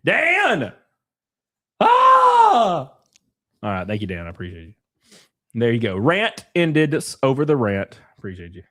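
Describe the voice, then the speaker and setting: A man hosting a casual drinking stream, ranting loudly and profanely at his chat. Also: fairly low pitch, a little fast. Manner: profane, loud, animated rants at chat. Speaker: streamer host.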